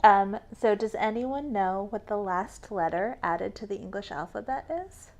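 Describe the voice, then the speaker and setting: A woman's voice: mid-range voice, animated, a little slow. A woman cohosting a casual chat show, chatty and correcting details with a laugh.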